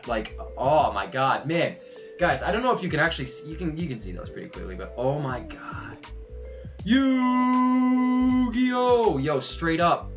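A young man livestreaming a card unboxing, excitable and loud, saying yo over and over and laughing as he goes. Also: medium pitch, a little fast, lo-fi sound, faint music behind. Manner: hyped, keeps saying yo, yells and laughs. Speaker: streamer unboxing trading cards. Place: his room at home.

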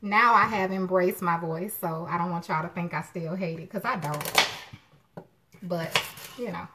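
With a little hiss or hum on the audio, a middle-aged woman speaks unhurriedly in a lowish voice that sounds pushed and bright. Hosting a live cooking stream from her home kitchen, she greets viewers by name as she chats, and her voice is distinctive enough that others often remark on its unusual sound.

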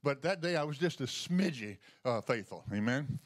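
A man's voice: mid-range voice, animated, normal speed. A man giving a testimony sermon as a lay healing minister, telling folksy stories with chuckles and many fillers.

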